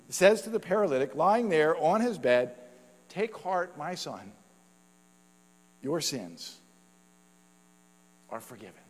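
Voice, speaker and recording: A male pastor delivers a sermon in a conversational style, scattering fillers and little laughs through his points. His voice sits a little high for a man. The recording carries a long church-hall reverb and a faint mains hum.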